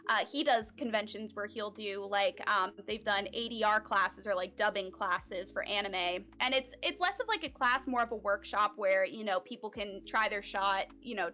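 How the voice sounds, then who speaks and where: A woman's voice: medium pitch, moderate pace, few pauses, bright, forceful tone, a little hiss or hum. A woman from Central Florida, a voice actor, chatting casually in an interview with lots of "like" and "um" fillers. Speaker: voice actor guest. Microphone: home recording setup.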